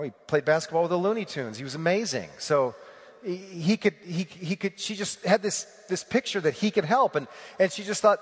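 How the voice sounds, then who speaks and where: A man's voice: on the high side, big-room sound. A male pastor giving a conversational sermon, full of rhetorical questions and repetition.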